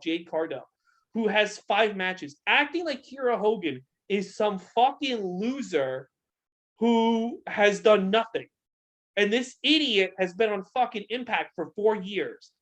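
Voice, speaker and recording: A man's voice: high-pitched, fairly bright tone. Profane, heated young man ranting. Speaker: podcast co-host. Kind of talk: casual wrestling podcast rant.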